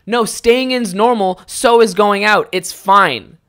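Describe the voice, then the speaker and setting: A young man with a fairly high voice hosting a casual solo podcast, rambling and swearing a lot as he tells stories. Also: takes it slowly. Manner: rambling, heavy swearing, animated storytelling. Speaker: podcast host.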